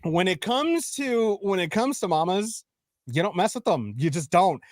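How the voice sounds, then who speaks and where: An excitable male podcast host chats on a livestream, his high voice swinging widely as he vents in an exasperated way. The recording is dry and close. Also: moderate pace, dry recording. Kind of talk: casual livestream chat.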